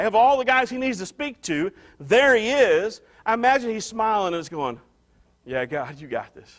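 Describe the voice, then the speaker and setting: High-voiced man preaching a conversational sermon. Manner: conversational, restarts and repeats phrases for emphasis. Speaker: pastor.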